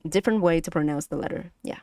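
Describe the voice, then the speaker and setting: A young woman with a Vietnamese accent, teaching Vietnamese on a casual stream, speaking haltingly with many fillers and repeats. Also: sits low, a little mellow, no echo, studio quality. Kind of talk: casual language lesson stream.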